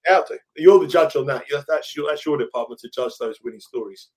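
A middle-aged man from England spins a long anecdote in a relaxed, rambling way, often starting a sentence over. His voice sits a little higher than most men's. He sounds like a podcast co-host chatting casually. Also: fast. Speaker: podcast co-host, betting pundit. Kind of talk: casual storytelling chat.

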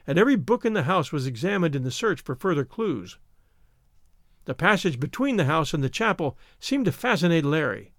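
Lively, higher-voiced male storyteller. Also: dry recording, studio quality. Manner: expressive, voices the characters' quarrels. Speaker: audiobook narrator. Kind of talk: scripted narration of a classic novel.

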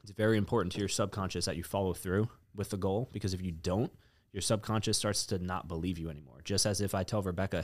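A man's voice: sits low, fairly even intonation, fast, no room sound. A man talking bluntly in a casual podcast conversation, swearing freely and telling anecdotes.

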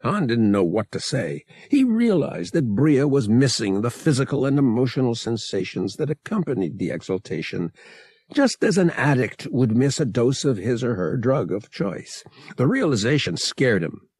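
A man reading a novel aloud as an audiobook narrator, measured and expressive. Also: medium pitch, breathy edge, dry recording.

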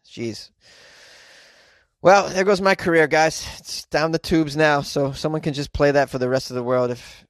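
A man's voice: mid-range voice, no room sound. A man reading news items aloud and breaking in with sarcastic, exaggerated comic asides. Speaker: comedy news commentator. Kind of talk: comedic news reaction.

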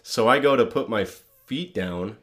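This middle-aged man co-hosts a podcast, his medium-pitched voice a little slow and fairly bright. He chats in a laid-back, casual way and laughs as he tells his stories.

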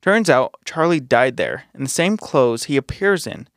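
A man hosting a podcast, reading a listener's ghost story in a steady, matter-of-fact way. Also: mid-range voice, moderate pace, no echo, studio quality. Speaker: podcast host.

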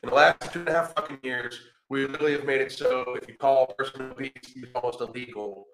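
A man's voice: medium pitch, steady tone, quick pace, roomy sound, a crowd in the background. A man hosting a podcast, ranting in reaction commentary with a profane, combative and sarcastic manner. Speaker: podcast host.

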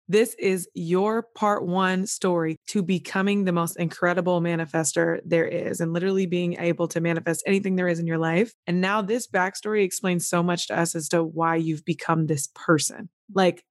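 A woman's voice: lowish voice, steady tone, brisk, hardly any pauses, dry recording, studio quality. A woman hosting a podcast, talking enthusiastically and repeating key phrases for emphasis. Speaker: podcast host. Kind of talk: interview chat.

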